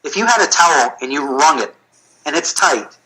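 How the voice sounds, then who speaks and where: A middle-aged man, a physical therapy clinic owner, telling stories in a casual, animated way. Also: fairly high pitch, moderate pace, poor audio. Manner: animated, storytelling with acted-out quotes. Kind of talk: casual storytelling chat.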